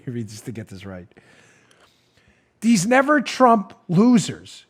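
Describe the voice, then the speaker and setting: A man in his forties hosting a talk show, ranting with animated, mocking humor and frequent laughter. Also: high voice, slow pace, slightly rough. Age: 40s. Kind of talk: comedic political talk.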